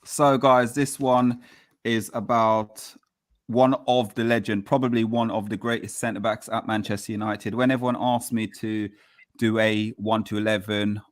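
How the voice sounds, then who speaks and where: A man's voice: fairly low pitch, level tone, normal speed. A man hosting a casual livestream chat, plugging the channel and steering the talk from topic to topic. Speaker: show host.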